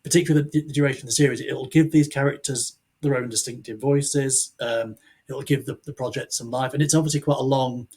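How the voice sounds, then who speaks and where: A man's voice: mid-range voice, fairly even intonation, fairly quick, darkish tone, slightly rough. A man, an author, chatting casually as a podcast guest, rambling and restarting his sentences with the odd chuckle. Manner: rambling, self-interrupting, chuckling.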